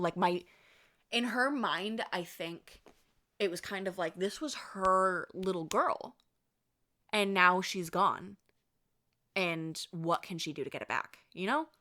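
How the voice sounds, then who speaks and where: A woman vlogger telling a ghost story in a chatty, animated, casual way, laughing and swearing freely. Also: fairly low pitch.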